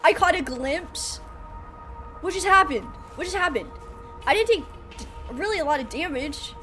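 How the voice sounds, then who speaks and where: Faint music plays behind a young woman's live survival-game stream as she jokes with her chat, talks to the game, laughs frequently, and suddenly yelps in alarm. Her high, fairly bright voice moves at normal speed with lively intonation.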